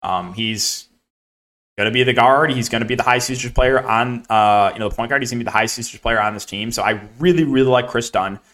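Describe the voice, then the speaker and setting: A man's voice: medium pitch, fairly even intonation, a bit bright. A young man giving a casual solo podcast breakdown of fantasy sports picks, rattling through names and numbers with lots of ums and likes. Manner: rapid, filler-heavy, lists names and numbers.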